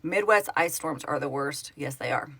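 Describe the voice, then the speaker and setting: A middle-aged woman from Oklahoma, United States, has a deep, husky, fairly bright voice at normal speed. A livestream host and project founder, she streams casually from home on her phone, chatting and answering viewer comments in a rambling, self-correcting way.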